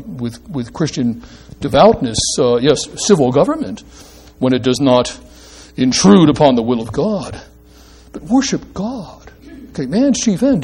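A man's voice: medium pitch, warm tone, slightly rough. A man preaching a sermon, emphatic and asking the congregation questions as he explains a passage. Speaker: pastor.

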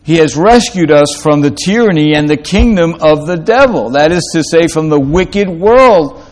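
A pastor preaching a sermon, asking rhetorical questions and rising to emphatic peaks, with quick asides between slow, stressed phrases. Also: male voice, a little high, expressive.

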